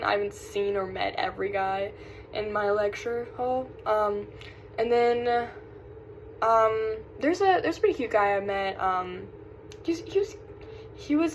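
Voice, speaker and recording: A woman's voice: medium pitch, a little slow, a little hiss or hum, rough recording. A young woman from South Carolina with a light Southern accent, chatting casually in a vlog, rambling and often losing her train of thought. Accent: Southern American. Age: young adult. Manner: rambling, distracted, sighing. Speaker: vlogger. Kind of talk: casual chat.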